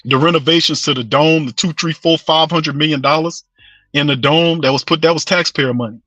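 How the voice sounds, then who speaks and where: A New man rants about his team with a bright, forceful edge to his slightly high voice. He repeats himself for emphasis and talks straight to his listeners in slang. The sound is close and dry, with no room around it. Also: fairly even intonation, a little fast, no room sound, faint music behind. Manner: passionate, repetitive, slangy, addresses listeners as fam and bro. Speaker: sports show host. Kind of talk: fired-up sports fan rant.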